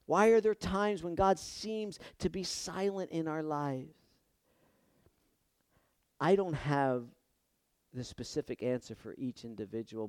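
A male pastor preaching a sermon with impassioned delivery, moving between hushed passages and loud emphatic ones. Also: medium pitch, dry recording, clean studio sound.

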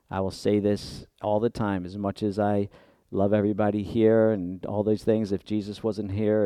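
A male pastor preaching a sermon in church, swinging from hushed asides to loud emphatic peaks. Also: on the low side, no room sound.

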